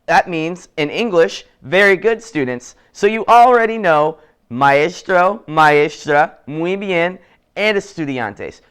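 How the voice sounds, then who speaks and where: Slow, clear-voiced man teaching children. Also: a little high, fairly bright tone. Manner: encouraging, slow and deliberate with drawn-out model words. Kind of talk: children's language lesson.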